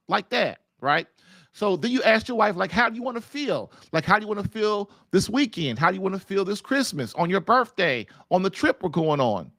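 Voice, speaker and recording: Guy hosting a marriage advice show, high raspy-gravelly voice, super lively ups and downs, folksy and emphatic. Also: dry recording. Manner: emphatic, folksy coaching, repeats himself and says "like" often. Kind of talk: animated advice monologue.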